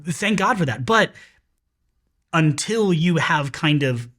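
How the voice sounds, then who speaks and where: A man's voice: on the high side, lively intonation, takes it slowly, fairly bright tone. A man hosting a podcast, talking earnestly in casual chat, rambling with restarts and fillers. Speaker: podcast host.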